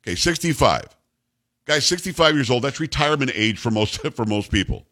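A middle-aged male talk host with a lively, swinging delivery. He is blunt and emphatic and circles back to repeat his points. His style is that of an opinionated monologue. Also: mid-range voice, brisk. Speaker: radio talk show host. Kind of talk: opinionated monologue on sports news.

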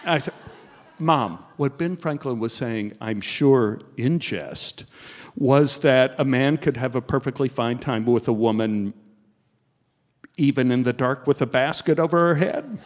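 An older man from Texas telling a comic personal anecdote as a guest, animated and chuckling as he talks. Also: mid-range voice, a little slow, long reverb tail. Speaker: guest storyteller.

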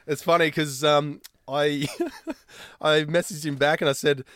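A man's voice: a little high, flat delivery, unhurried, a bit bright, smooth, dry recording, studio quality. A man co-hosting a podcast in casual chat, teasing and laughing easily. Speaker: podcast co-host.

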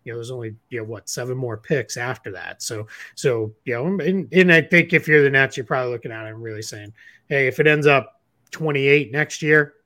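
Boston-accented male co-host, mid-pitched, relaxed analyst who thinks aloud with lots of "uh" and "you know". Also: fast talker, hardly any pauses. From Boston area. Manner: explanatory, frequent fillers and restarts. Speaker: podcast co-host, basketball analyst. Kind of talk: casual sports chat.

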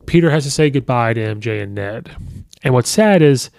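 A man with a gravelly, creaky edge to his mid-pitched voice, chatting loosely as a podcast host. He retells scenes in a casual spoken review, dropping in quoted lines as he goes. The sound is dry and close, with no room around it. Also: animated, normal speed, darkish tone, no echo.

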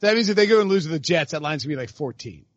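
A man's voice: fairly high pitch, expressive, very fast, no room sound, dull audio. A man co-hosting a casual sports podcast, rambling with lots of fillers and frequent laughs. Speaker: podcast co-host.

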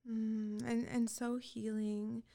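A woman's voice: fairly high pitch, level tone, takes it slowly, creaky, mellow. A woman hosting a podcast, affirming her guest and reflecting back what she hears. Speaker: podcast host. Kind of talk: supportive interview conversation.

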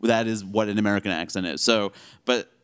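A man, a comedian guest, talking in a casual interview, animated and full of quick asides, filler words and restarts. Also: lowish voice, smooth. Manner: animated, quick asides, frequent "you know" and "like". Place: radio show studio with audience.

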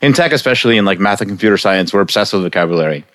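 A man's voice: on the low side, very fast, dry recording, studio quality. A man from Russia in casual conversation, talking with lots of fillers and frequent laughs. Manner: animated, laughs often, many fillers. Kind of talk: casual chat.

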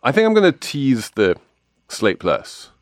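A man's voice: medium pitch, wildly swooping pitch, measured pace, no echo. Confident male podcast host, dry studio sound. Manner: assured, explaining with confident asides. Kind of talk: casual chat.

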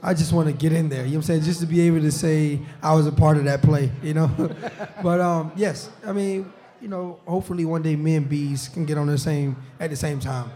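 A man's voice: fairly high pitch, steady tone, fast talker, hardly any pauses, mellow. A young man, a football player on a live talk show, chatting casually and laughing often. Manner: laid-back, laughs often, says "you know what I'm saying". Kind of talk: casual chat. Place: bar or restaurant with live show.

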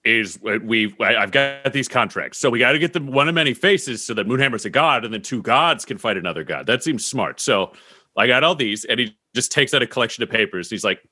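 A man playing a tabletop game, goofy and excitable in his banter. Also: medium pitch, brisk, dry recording. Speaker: player.

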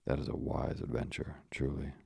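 A man voicing Atlas, a colossal, weary giant who holds up the sky, in hushed, half-whispered lines. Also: rumbling low, level tone, moderate pace, creaky, breathy edge, no room sound, studio quality, heavily acted. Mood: mocking.

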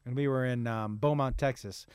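A man's voice: medium pitch, normal speed, clear, resonant tone, no echo, clean studio sound. A man who is a comedian guest on a podcast, telling stories in casual chat and swearing freely. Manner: animated storyteller, swears freely.

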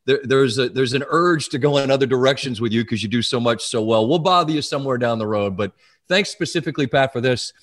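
A man's voice: medium pitch, quick pace. A man hosting a podcast in casual chat, teasing his guest and openly sentimental. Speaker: podcast host.

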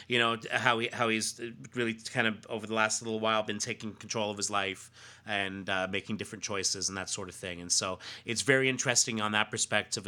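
A man's voice: on the low side, bright, forceful tone. A man co-hosting a podcast in casual chat, rambling with many fillers and restarts. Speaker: podcast co-host.

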